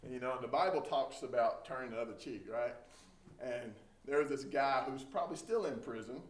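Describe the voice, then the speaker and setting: A middle-aged man from Texas, a trainer giving a lively storytelling talk to a group. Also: medium pitch, normal speed. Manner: animated storyteller, acts out quoted voices. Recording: echoey room from a distance, faint hum.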